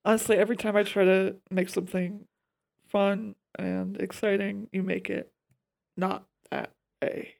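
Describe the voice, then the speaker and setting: A woman's voice: medium pitch, flat delivery, a little slow, creaky, a little mellow. A woman co-hosting a casual chat, playfully spinning absurd stories and acting out quotes. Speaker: podcast co-host.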